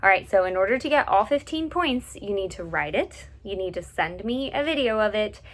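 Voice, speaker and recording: A woman music teacher patiently explaining to students step by step, slowly singing out syllables and solfege notes as examples. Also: mid-range voice, expressive. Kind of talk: instructional lesson to students.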